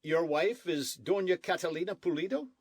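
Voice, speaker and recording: A man's voice: fairly high pitch, animated, normal speed, husky, no room sound, pitched above the performer's own voice. A man voicing a curt, stubborn army sergeant. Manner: curt, repetitive, matter-of-fact. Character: blunt, stubborn military sergeant.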